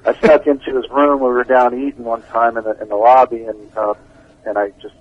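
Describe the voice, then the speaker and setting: A man giving a casual interview as a band's bassist, telling stories with a laid-back manner and frequent laughs. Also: level tone, a little fast, breathy edge. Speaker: band bassist, interview guest. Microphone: phone line. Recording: dull lo-fi phone call.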